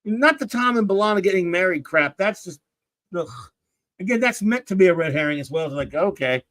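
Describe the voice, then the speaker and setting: Male podcast host, high and animated voice, rambling jokey delivery, dry close sound. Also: fairly quick, no room sound, rough recording. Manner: rambling, jokey, trips over his own words. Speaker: podcast host reviewing TV episodes. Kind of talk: casual podcast chat.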